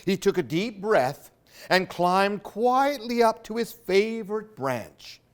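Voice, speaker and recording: A man reading picture books aloud for children in an expressive, sing-song way. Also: high voice, takes it slowly. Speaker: storyteller for a library program.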